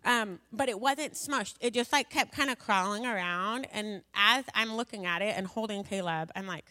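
A woman's voice: mid-range voice, moderate pace, bright, forceful tone. A woman giving a personal faith testimony to an audience, rambling and self-deprecating, full of filler words. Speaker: speaker sharing a personal testimony. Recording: long hall reverb.

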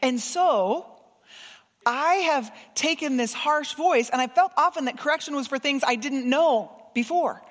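A woman preaches a sermon in a high voice, carried by the long reverb of a church hall. She is expressive, moving from soft, gentle passages to emphatic ones. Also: measured pace.

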